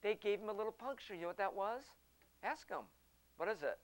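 A middle-aged man hosting a talk, telling a personal story in an animated way and acting out the people he quotes. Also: sits high, brisk, poor audio.

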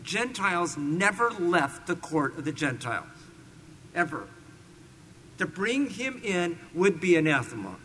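A man's voice: high voice, very animated, sharp tone, slight background noise. Man preaching in a reverberant hall. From California. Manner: slow deliberate scripture reading with emphatic stresses. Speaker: pastor. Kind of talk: expository sermon. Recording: long reverb in a large hall.

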